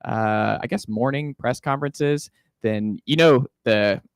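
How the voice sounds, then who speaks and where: Upbeat radio host. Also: male voice, medium pitch, clean tone, no room sound, studio quality. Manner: upbeat, quick, with fillers. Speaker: radio sports show host. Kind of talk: casual sports radio talk. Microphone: studio microphone.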